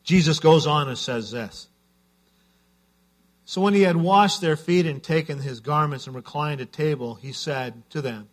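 A man's voice: on the high side, a little slow. A man preaching a sermon as a pastor, telling stories in an earnest way.

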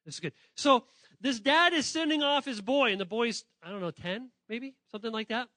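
A man preaching a lively, playful sermon to children and students, often calling on listeners and correcting himself as he goes. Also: extremely high pitch, a little fast, dry recording. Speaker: pastor speaking to children and students. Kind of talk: lively sermon addressed to kids.

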